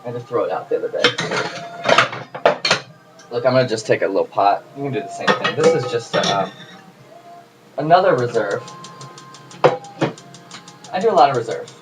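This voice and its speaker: A man's voice: mid-range voice, expressive, moderate pace, pauses often, over loud music. A man hosting a casual home cooking video, chatty and jokey as he talks to the camera while he works in his kitchen. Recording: noisy home recording.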